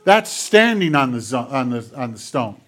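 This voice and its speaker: A man preaching a sermon to a congregation, retelling scenes dramatically and dropping into quiet, hushed passages. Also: medium pitch, sing-song, normal speed. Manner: dramatic retellings, drops to near whispers. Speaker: pastor. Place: church filmed on camera.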